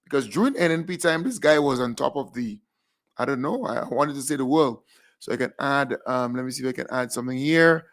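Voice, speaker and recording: A man co-hosting a live online talk show, chatting easily with pauses and asides. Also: mid-range voice, expressive, a bit bright. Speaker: co-host. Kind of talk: casual live chat.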